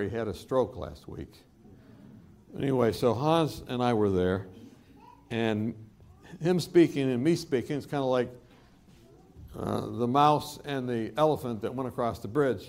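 A male preacher giving a sermon in a church, telling stories with humor and laughter. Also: medium pitch. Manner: animated storytelling with laughter.

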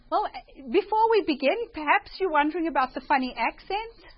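Speaking at a church presentation, this South African woman has a very high voice with lively intonation and a slightly fast pace, though the audio sounds dull. Her talk is chatty and informal, full of self-deprecation, and opens with a prayer.

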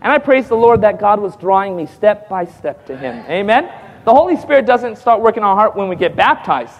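High-voiced male preacher in an echoing hall. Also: a little fast, muffled recording. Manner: lively storytelling, acting out dialogue with frequent chuckles; calls out to the audience for responses. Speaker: evangelist. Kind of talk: testimony preached to a congregation.

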